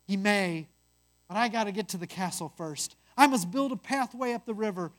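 A guilt-ridden youngest brother who keeps working out of shame, read by a storyteller. His voice is earnest and anxious, set a touch higher than the narration. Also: normal speed, a bit bright, natural voice.

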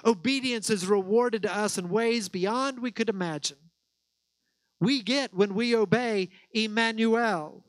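High-voiced male preacher, dry sound. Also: dry recording, low-quality recording. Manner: earnest preaching, slows on key words. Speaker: pastor. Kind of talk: sermon.

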